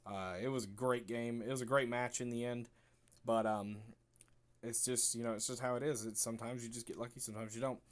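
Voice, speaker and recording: A young man casually recapping a card game match, chatty and relaxed, acting out both players' remarks. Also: mid-range voice, brisk. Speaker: card game video creator.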